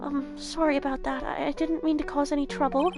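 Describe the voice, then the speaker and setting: A woman's voice: sits high, level tone, brisk, over music, pitched below the performer's own voice. A woman voicing a timid, nervous young man who talks shyly and apologetically with stammers.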